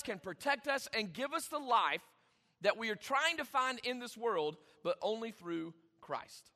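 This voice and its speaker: Emphatic high-voiced preacher in a reverberant hall. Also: male voice, bright, forceful tone. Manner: emphatic preaching with dramatic pauses and swings in volume. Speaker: pastor. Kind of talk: sermon.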